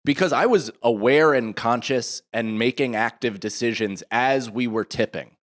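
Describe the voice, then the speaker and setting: This man, in his thirties, co-hosts a podcast and speaks at normal speed in a mid-range voice. Chatting casually, he tells a heavily profane story and performs the voices of those he quotes.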